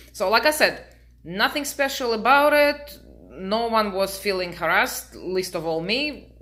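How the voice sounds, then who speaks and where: Middle-aged woman vlogger, native Russian speaker, deadpan storyteller, lowish voice, bright and forceful tone. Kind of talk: casual storytelling to camera.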